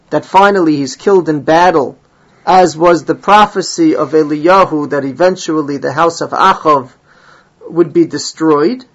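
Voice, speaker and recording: Male Talmud teacher, husky voice, dull lo-fi recording, reads the text aloud and explains it line by line. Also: sits high. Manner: reads Hebrew and Aramaic phrases, then explains them in English. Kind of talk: Talmud class, translating and explaining.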